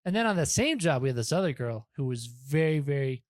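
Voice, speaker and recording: A man's voice: mid-range voice, sing-song, brisk, no echo, clean studio sound. A young man talking as a podcast guest in casual chat, rambling and self-deprecating, with many restarts.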